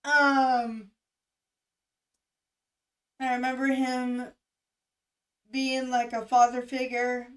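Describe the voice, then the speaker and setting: A young woman in her twenties talking candidly and emotionally in a casual vlog, swearing freely and pausing with fillers. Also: high voice, level tone, recorded from a distance, low-quality recording. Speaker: music reaction vlogger. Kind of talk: casual chat.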